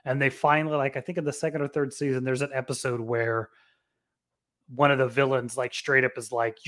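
A man's voice: medium pitch, steady tone, moderate pace, a bit bright. A man in his thirties co-hosting a podcast, chatting casually in a playful, enthusiastic, teasing way. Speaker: podcast co-host. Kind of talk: casual chat.

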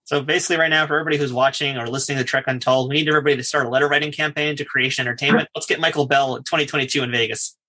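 A man's voice: mid-range voice, steady tone, very fast, hardly any pauses, sharp tone, low-quality recording. A man hosting a podcast, asking a guest eager questions. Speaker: podcast host. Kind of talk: interview questions.

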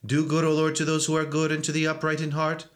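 Guy chanting psalms at a church service, kinda high voice, dead flat monotone intoning. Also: fast. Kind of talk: liturgical psalm reading and chant.

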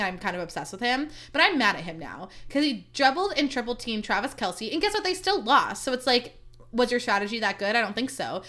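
Bright, mock-dramatic woman podcast host. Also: fairly high pitch. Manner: gushing, mock-dramatic, chatty with many "like"s. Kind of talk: casual solo chat.

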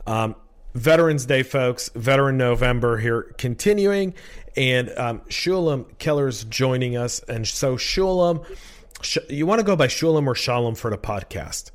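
A man's voice: medium pitch, animated, unhurried. A man hosting a casual podcast interview, chatty and rambling, often repeating words. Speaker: podcast host.

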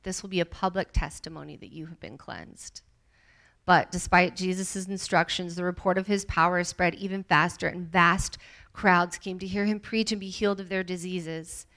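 A woman reading scripture aloud to a group, with an expressive delivery that grows livelier in the quoted speech. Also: lowish voice, moderate pace. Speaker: Bible study leader.

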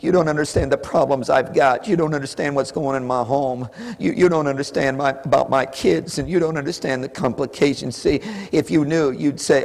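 A man preaching a sermon in impassioned, repetitive pleading prayers that swing from hushed to shouted. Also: medium pitch, fairly even intonation, a little fast, gravelly, few pauses. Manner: repetitive, rhythmic calls. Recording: echoey hall with long reverb.

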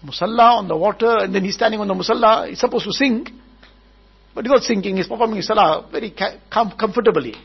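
A man with a high, gravelly voice delivers a storytelling sermon at a wedding gathering. He is husky and slightly breathy, and he goes over every point again and again. The recording is dull and lo-fi. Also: fast. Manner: repetitive, retells each point several times.

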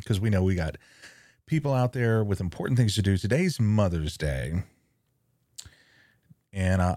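Chatty low-voiced male podcast host. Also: a little mellow, no echo, clean studio sound. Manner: chatty, rambling, quick to laugh. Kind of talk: casual chat.

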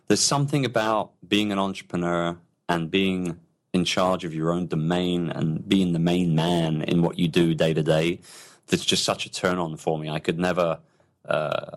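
A man talking about his business as a guest in an interview, chatty and enthusiastic, often repeating words as he starts a sentence. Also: sits low. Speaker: podcast guest, entrepreneur. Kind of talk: casual interview talk.

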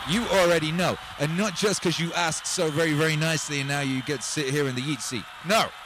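A man hosting a live music stream, chatting in an excitable, rambling way and breaking into shouts. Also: on the high side, a little fast, background noise. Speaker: music livestream host. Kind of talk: hyped live stream chat over music. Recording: music playing loudly behind.

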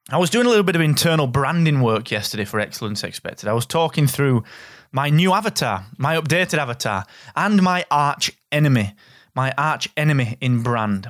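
A middle-aged man with a Northern English accent, hosting a solo business podcast in an energetic, straight-talking, jokey way. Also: mid-range voice, no room sound, studio quality. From Northern England. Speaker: podcast host.

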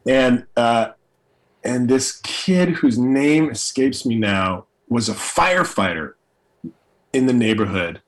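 A middle-aged actor from New York City tells stories from his career with relish, acting out the people he quotes. His voice sits at an ordinary middle pitch, and his delivery is loose and conversational. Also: takes it slowly, poor audio. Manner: animated storyteller, acts out quoted voices. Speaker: actor and guest. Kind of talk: storytelling in conversation.

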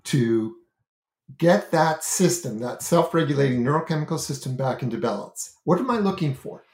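On a talk show, a man with a mid-range, darkish voice explains self-regulation, and the room sounds echoey. He works as a parenting and self-regulation educator. Earnest and thinking aloud, he leans on fillers and restarts and gestures with his hands throughout.

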